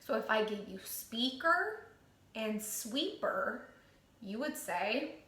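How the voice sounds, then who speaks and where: A woman teacher leading a phonics lesson for children, reading word pairs slowly and clearly. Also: fairly high pitch, sing-song, fairly bright tone. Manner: slow, clear word-by-word prompting. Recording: echoey room.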